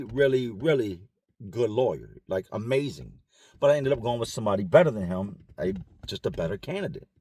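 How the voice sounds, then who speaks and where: A man telling a personal story in a casual, animated vlog style, recorded in his car. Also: mid-range voice, dry recording. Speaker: vlogger.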